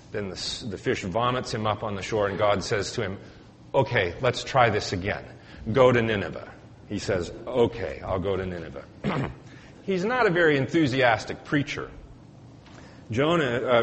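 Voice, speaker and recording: A male priest giving a conversational sermon, retelling stories in a relaxed way with filler words and dry humor. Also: medium pitch. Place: church. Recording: echoey church hall, faint hiss.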